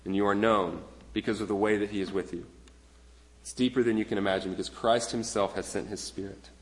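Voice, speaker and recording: A man's voice: fairly low pitch, fairly even intonation, brisk. A man in his thirties preaching a sermon in an earnest, conversational way, often restarting his phrases. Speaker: pastor. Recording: long reverb of a large hall.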